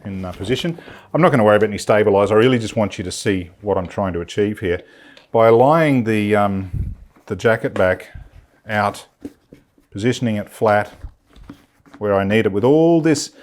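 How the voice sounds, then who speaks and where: A man's voice: lowish voice, darkish tone. A man giving a casual, chatty sewing demonstration in a studio, enthusiastic and thinking aloud with fillers. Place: film studio.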